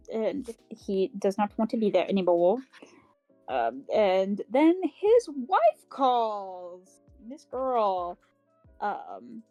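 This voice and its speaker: On a casual book club podcast, a female co-host with a medium-pitched, dark-toned voice recaps a novel in rambling talk packed with fillers and the occasional swear word. She acts out characters' lines in quick paraphrase. The audio is poor but has no echo.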